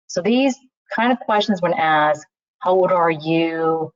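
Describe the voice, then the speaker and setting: A recruiter speaks slowly and expressively in a fairly low voice during a casual interview-skills webinar on a video call. She often says "you know" and begins her sentences again, and the dry, slightly muffled online audio has no echo.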